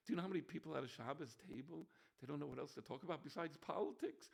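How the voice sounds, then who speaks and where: A man preaching a holiday sermon as a rabbi, animated, swinging between shouting and soft near-whispers. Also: a little high, racing, gravelly, hardly any pauses. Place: room with bookshelves.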